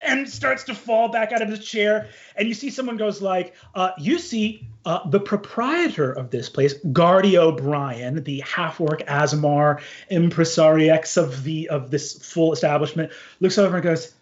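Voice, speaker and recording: Male game master, animated narration with fillers, dull recording. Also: fairly high pitch, unhurried.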